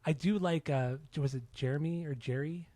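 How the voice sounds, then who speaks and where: A man's voice: a little high, normal speed, warm tone, dry recording. A man co-hosting a casual music podcast, talking in an easygoing, hedging way with many fillers. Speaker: podcast co-host.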